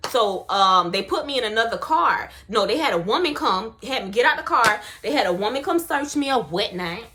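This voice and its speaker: Young woman, high bright voice, animated slangy storytelling, casual vlog. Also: fairly quick. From Miami, US. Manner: animated, slangy, expressive retelling.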